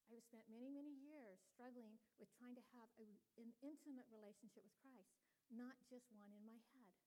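A woman's voice: fairly high pitch, fairly even intonation, brisk, warm tone, low-quality recording. Earnest older woman preaching. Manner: earnest, personal teaching tone. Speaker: women's ministry speaker. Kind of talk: sermon.

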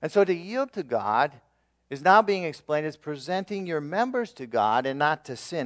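A pastor preaches earnestly, leading his congregation through repeated declarations with emphatic swings in loudness and the occasional filler. His voice is a little high and sing-song, delivered at normal speed.

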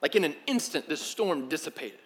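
A young man preaching a sermon, telling the story in an animated, slangy way that swings from loud to hushed. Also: a little high, fairly quick, a little hiss or hum. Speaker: pastor.

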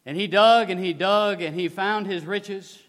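A high-voiced male preacher tells a sermon story slowly and dramatically. He swings between loud and hushed delivery, and his voice rings through a hall with a long reverb.

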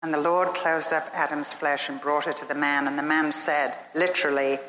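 A woman preacher giving a sermon and telling a story, earnest and emphatic with slow, dramatic pauses. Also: deep voice, fairly even intonation, sharp tone, slight background noise. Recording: echoey hall.

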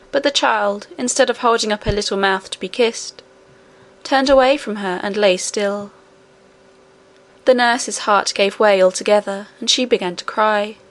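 A woman narrating a classic children's fantasy novel in a calm, measured way. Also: mid-range voice. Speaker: audiobook narrator.

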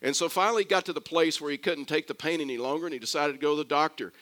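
A man's voice: a little high, racing, fairly bright tone. A man delivering a sermon as a pastor, telling a story and circling back to repeat his key phrases, with restarts along the way.

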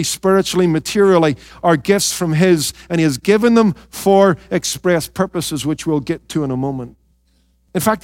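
A male pastor preaching a sermon, emphatic, questioning his listeners and dropping into quiet, intense asides. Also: on the high side, no room sound. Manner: addresses listeners directly with rhetorical questions.

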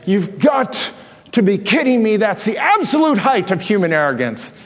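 A man with a high voice preaches with fervor, pressing his congregation with rhetorical questions. His words ring out with a long reverb in a large church hall. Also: very animated, fairly quick. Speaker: pastor. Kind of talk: sermon.

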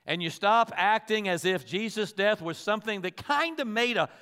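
A man preaching a sermon in a high, bright, ringing voice. He presses his listeners with earnest rhetorical questions and acts out the words of the people he quotes. The delivery is urgent and full of conviction. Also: expressive, moderate pace, smooth, in a large hall. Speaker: pastor.

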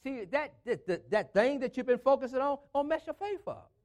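A man's voice: very high-pitched, animated, a little fast, darkish tone. A male preacher delivering a sermon with an emphatic, call-and-response style, building phrases up and driving them home, with speech patterns.

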